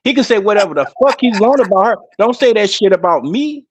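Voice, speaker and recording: A man talking in casual, brash livestream banter, animated and swearing freely. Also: high voice, fast, husky. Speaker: panelist.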